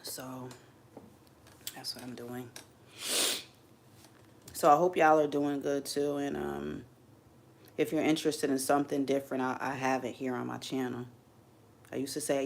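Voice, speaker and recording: A woman's voice: very deep voice, level tone, a little slow, creaky, long pauses. A woman hosting a casual livestream, talking candidly and rambling, openly emotional as she speaks to viewers from her home setup. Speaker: livestream host. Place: home streaming setup under bright lights.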